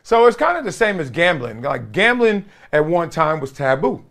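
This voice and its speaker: Male host from Compton, slightly high pitch, animated joking monologue style. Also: moderate pace. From Compton, Los Angeles. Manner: animated, joking, laughs often. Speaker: show host. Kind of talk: casual commentary monologue.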